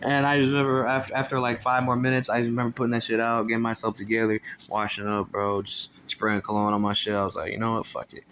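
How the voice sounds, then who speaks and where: A man spinning a casual storytime in a relaxed, drawn-out way, with swearing in nearly every sentence and short laughs in between. His voice sits at a middling pitch, with faint noise behind him. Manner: laid-back, heavy swearing, laughs between lines. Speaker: storyteller vlogger.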